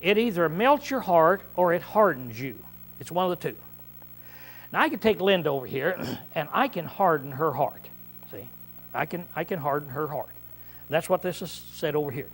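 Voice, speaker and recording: High-voiced preacher man, throat-clearing. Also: lively intonation, normal speed, a bit bright. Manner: frequent "see?" tag questions, clears throat often; repetitive, restarts mid-phrase. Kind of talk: conversational Bible-study sermon.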